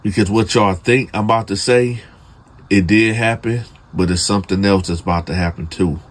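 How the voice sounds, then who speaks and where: Man, storyteller host, husky voice, slangy, talks right to the audience, builds suspense. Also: fairly low pitch, fairly even intonation, moderate pace. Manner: slangy, addresses listeners directly, builds suspense. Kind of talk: casual dramatic storytelling.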